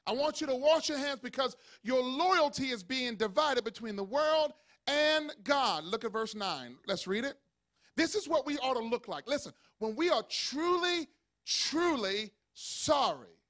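A pastor preaching a sermon, calling on the congregation to respond and building up to shouted points. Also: male voice, extremely high pitch, big pitch swings, a little slow.

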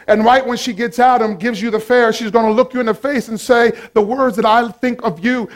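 High-voiced preacher, shouting with passion. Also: male voice, fairly even intonation, brisk, hardly any pauses. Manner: passionate, repetitive, alternately shouting and hushed. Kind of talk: sermon.

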